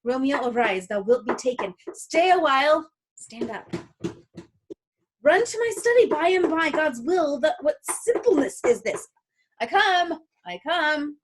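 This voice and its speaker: A woman's voice: sits high, big pitch swings, unhurried, slight background noise, voice pushed up. A woman reading aloud as a stern, lecturing older male friar in a casual play reading, with an emphatic, scolding delivery. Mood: urgent.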